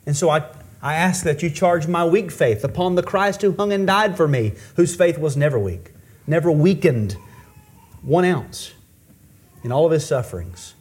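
A man giving a sermon before communion, slow and deliberate, often restarting words and rising and falling in pitch for emphasis. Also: animated, a little mellow. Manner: rises and falls in pitch for emphasis. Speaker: pastor.

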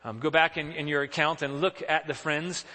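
A man's voice: fairly high pitch, fairly even intonation, normal speed, sharp tone, big-room sound. A male pastor preaching a sermon in an earnest, questioning, emphatic way.

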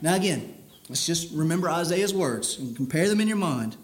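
Male preacher, higher register, stern and earnest sermon delivery with restarts. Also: lively intonation, brisk. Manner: earnest, stern, repeats words while building a point.

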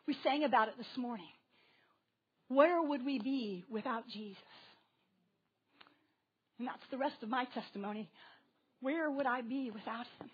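High-voiced woman preaching animatedly. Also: measured pace, long pauses, husky, lo-fi sound. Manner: animated, questions the listeners directly. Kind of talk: sermon to a congregation with children.

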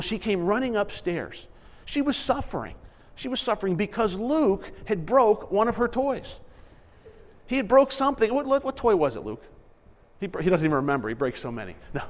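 A man's voice: high voice, long reverb tail. A man in his thirties giving a conversational sermon as a pastor, dropping into other voices for quoted lines. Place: church sanctuary.

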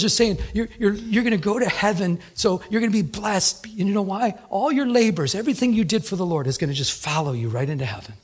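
A man's voice: high voice, slightly rough. A man preaching a sermon as a pastor, telling stories in a conversational way, often repeating words.

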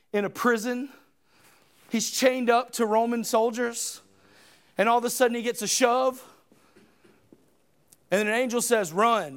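A man preaching a sermon in church, swinging between loud shouted passages and quiet, hushed retellings of scripture scenes. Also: sits high.

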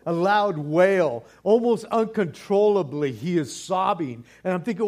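A man preaching a sermon in an animated, casual way, repeating words for stress and dropping in slang. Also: a little high, moderate pace, few pauses. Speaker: pastor.

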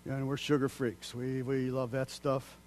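A male pastor preaching a sermon, swinging from loud, excited declaiming down to hushed, almost whispered lines, then leading a prayer. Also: mid-range voice, moderate pace.

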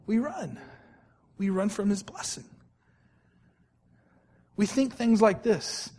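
A male pastor delivers a sermon in a notably high voice. He leans on repetition, stretching out important words for emphasis. He keeps turning to the congregation with direct questions. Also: fairly even intonation, mellow. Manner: emphatic, repeats phrases, slows right down to stress key words.

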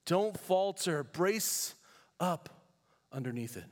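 Man from california, pastor, preaching, emphatic, high voice, hall reverb. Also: animated, slow pace. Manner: emphatic, rhetorical questions, storytelling asides. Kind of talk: sermon.

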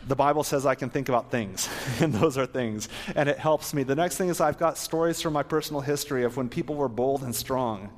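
A man's voice: mid-range voice, fairly quick, few pauses. A man preaching an earnest sermon to a live audience, then leading a prayer. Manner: earnest, exhorting, ends in prayer. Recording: long hall reverb.

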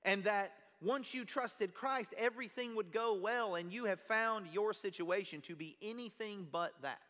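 A pastor preaching a sermon, telling a personal story in an earnest, conversational way. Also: male voice, high-pitched, normal speed, sharp tone. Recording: long reverb of a large hall.

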